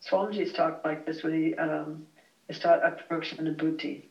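A teacher explaining a Vedanta lesson in a relaxed, thoughtful way, pausing often to search for words in a small heated room at home. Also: medium pitch. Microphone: far from the speaker. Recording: roomy, distant, dull home recording.

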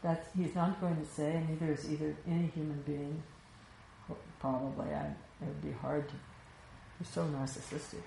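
A woman's voice: deep voice, little pitch movement, moderate pace, vocal fry, warm tone. A woman teaching Vedanta philosophy in a reflective, conversational way, often checking in with "you know". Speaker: spiritual teacher. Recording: echoey room with faint ambient noise.

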